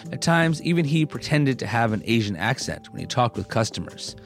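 A male host narrates in an even, mid-pitched voice, steady and clearly scripted, with faint music under him. He moves between narration and questions for his guest. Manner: measured, clear storytelling. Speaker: podcast host and interviewer.

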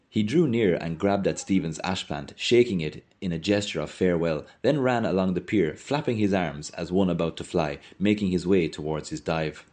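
A man reading a novel aloud with expressive storytelling. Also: low voice, normal speed, hardly any pauses. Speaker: reader.

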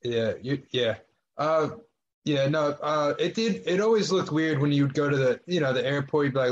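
A man hosting a podcast, laid-back and slow-talking, who swears casually. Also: a little high, lo-fi sound. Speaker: podcast host. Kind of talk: casual crude chat.

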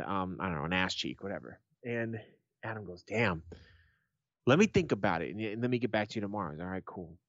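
A man co-hosting a podcast in casual comedic chat, swearing freely and acting out jokes with animated voices. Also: fairly low pitch, dry recording, lo-fi sound. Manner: swearing, joke-telling with animated character voices. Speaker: podcast co-host.

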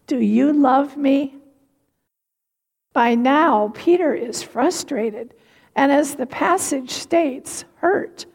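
A woman giving a sermon, telling a story slowly and reflectively. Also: sits high, a little mellow. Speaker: preacher. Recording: reverberant hall.

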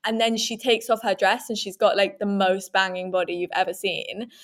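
A young woman, co-hosting a podcast in animated casual chat with quick asides. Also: medium pitch. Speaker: podcast co-host.

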